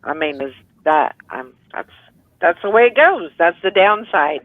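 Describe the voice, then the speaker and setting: A co-host chatting on a morning show, hopeful and chatty, with lots of "you know" fillers. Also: female voice, lowish voice, animated, measured pace, no room sound, narrow, tinny audio. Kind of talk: casual morning show chat.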